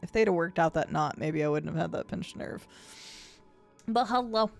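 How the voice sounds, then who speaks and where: Gravelly-voiced woman chatting while streaming. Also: fairly low pitch, normal speed, soft background music. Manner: chatty, greets viewers warmly, thinks out loud. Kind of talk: casual chat while gaming.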